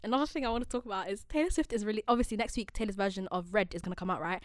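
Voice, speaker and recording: A woman in her twenties co-hosting a podcast, chatty and gossipy in a soft-spoken way. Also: medium pitch, rapid-fire, heavy background noise. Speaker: podcast co-host. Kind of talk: casual chat.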